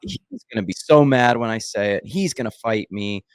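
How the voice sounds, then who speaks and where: A man's voice: lowish voice, animated, moderate pace, dry recording, clean studio sound. A man hosting a podcast, asking his guest a question in a loose, rambling way with many fillers. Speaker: podcast host. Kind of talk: casual interview chat.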